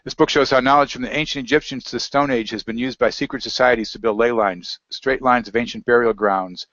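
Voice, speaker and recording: A man's voice: mid-range voice, fairly even intonation, a little fast, fairly bright tone, slight background noise. A man talking casually as an interview guest, rambling and reading aloud from web pages. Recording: dry, dull lo-fi audio.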